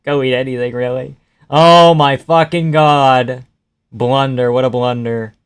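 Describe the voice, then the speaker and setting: A young man chatting casually and profanely on a live fight reaction stream, joking and yelling at the screen. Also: mid-range voice, a little slow, smooth. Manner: excitable, profane, laughing, yells at the screen.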